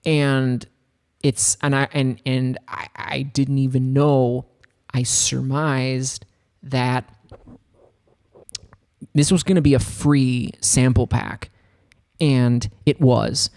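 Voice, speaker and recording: A man's voice: mid-range voice, level tone, slow pace, long pauses, darkish tone. Rambling upbeat American man. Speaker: music producer streaming a tutorial. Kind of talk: casual livestream chat. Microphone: studio microphone.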